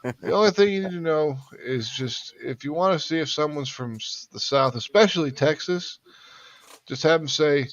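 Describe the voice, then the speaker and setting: A man in a casual podcast chat who talks haltingly, trailing off and restarting. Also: on the high side, dry recording. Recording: dull lo-fi sound.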